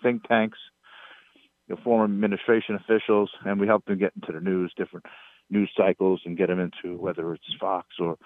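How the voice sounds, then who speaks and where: Low-voiced New York man on a tinny phone line. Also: flat delivery, no echo. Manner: storytelling, rising emphatic on complaints, halting fillers. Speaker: guest, PR strategist. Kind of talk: casual interview chat.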